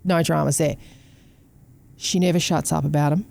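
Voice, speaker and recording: A woman's voice: deep voice, fairly even intonation, moderate pace, creaky, dark tone. A woman with an Australian accent, hosting a casual chat and talking bluntly, swearing and mimicking people as she tells stories. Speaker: podcast host.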